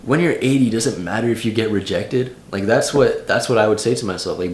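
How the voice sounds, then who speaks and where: A man's voice: lowish voice, a little fast, hardly any pauses, darkish tone, roomy sound, a little hiss or hum. A young man in his late teens giving casual vlog advice in a loose, slangy way full of "like". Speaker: vlogger.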